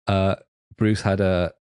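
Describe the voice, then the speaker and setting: A man's voice: deep voice, darkish tone, clean tone, no room sound, clean studio sound. A man from Wales hosting a podcast, chatting casually and rambling with fillers. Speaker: podcast host.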